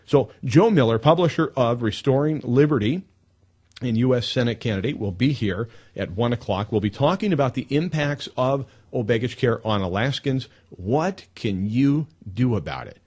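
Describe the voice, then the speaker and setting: A man hosting a live talk radio show, telling stories in an emphatic, animated way into a studio mic. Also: medium pitch, normal speed, breathy edge.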